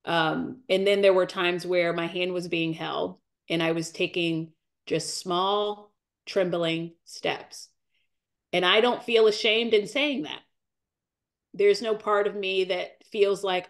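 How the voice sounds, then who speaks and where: A woman's voice: steady tone, unhurried. A woman in her forties speaks as a podcast guest in an earnest, emotional testimony of faith. She is close to tears, circles back on her key phrases and lets her voice climb as feeling builds. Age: 40s. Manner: earnest, repeats phrases, rises in pitch as she grows tearful. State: near tears.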